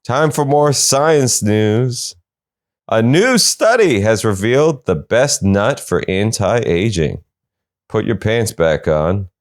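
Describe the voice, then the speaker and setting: Man reading offbeat news with sarcastic asides, very lively intonation. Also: fairly low pitch, slow pace. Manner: sarcastic, quips between news items. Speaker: podcast host.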